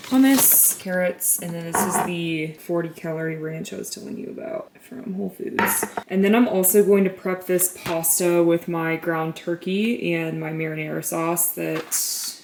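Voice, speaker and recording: A woman's voice: lowish voice, gravelly, background noise. A woman in her twenties, talking to camera in a chatty, upbeat casual vlog from her home kitchen, often saying "like". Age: 20s. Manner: chatty, upbeat, uses "like" a lot. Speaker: vlogger.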